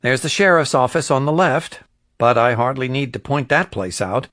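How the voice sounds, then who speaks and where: In an audiobook, a man voices a snarky, wisecracking young woman from a small town who loves gossip. He uses a natural voice pitched above his own, mid-range, expressive, and fairly bright, at a moderate pace. The studio-quality recording has no room sound.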